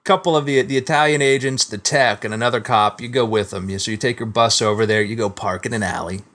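A man's voice: mid-range voice, quick pace, fairly bright tone. A man narrating an improvised tabletop game as game master. He laughs often and breaks into brief silly character voices.

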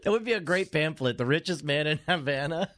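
High, lively, teasing podcast guy. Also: fairly quick. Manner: wry, teasing questions, laughs often. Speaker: podcast co-host. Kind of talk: casual comedic chat.

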